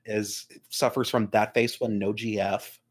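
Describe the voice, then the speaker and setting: A man co-hosting a casual comedy podcast, grumbling with exasperated, deadpan complaints. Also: lowish voice, unhurried. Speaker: podcast co-host.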